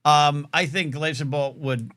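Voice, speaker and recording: A man's voice: fairly high pitch, steady tone, unhurried, pushed and bright, no room sound. A man hosting a call-in show, rambling playfully with lots of fillers and restarts. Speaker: host. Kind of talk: casual call-in show chat.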